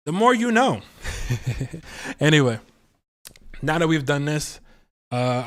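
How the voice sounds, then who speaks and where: Playful slangy man streaming tarot. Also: medium pitch. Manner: playful, slangy, laughs often. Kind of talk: casual livestream tarot talk.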